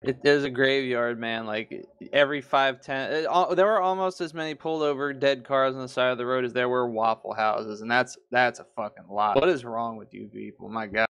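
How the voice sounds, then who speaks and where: A man on a casual podcast chat, telling a story in an animated, profane way. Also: mid-range voice, brisk, hardly any pauses, smooth, no room sound. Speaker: podcast co-host.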